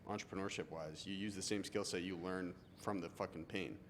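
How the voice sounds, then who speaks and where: A man's voice: deep voice, fairly even intonation, fairly quick, a little hiss or hum. A man hosting a casual podcast chat, cutting in with jokes and swearing. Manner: swearing, joking interjections. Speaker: podcast host.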